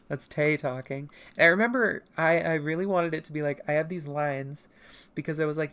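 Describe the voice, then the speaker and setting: Low-voiced woman on a chill art stream. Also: brisk, fairly bright tone. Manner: rambling, self-mocking. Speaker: comic artist streaming. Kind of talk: casual livestream chat.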